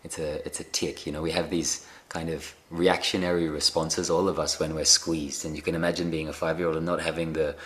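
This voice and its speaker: Man, very low voice, spiritual teacher, gentle and hesitant, video call audio. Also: level tone. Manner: gentle, unhurried, many fillers and restarts. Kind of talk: reflective spiritual talk on a live call.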